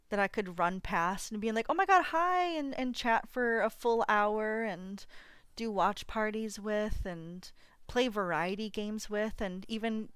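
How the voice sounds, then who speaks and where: A young woman chats on her live stream in a smooth, clear voice, gushing and tripping over her words with lots of fillers. She sounds teary, right on the edge of crying. Her voice is close to the mic in a dry, dead room. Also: mid-range voice, no room sound. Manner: gushing, emotional, full of fillers and restarts. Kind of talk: casual live-stream chat to viewers. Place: home apartment.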